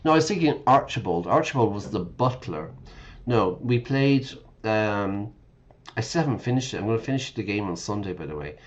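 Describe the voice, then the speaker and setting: A man's voice: on the low side, animated, moderate pace, highs cut off. A man teaching English while streaming a game, chatting casually, correcting himself and explaining words as he goes.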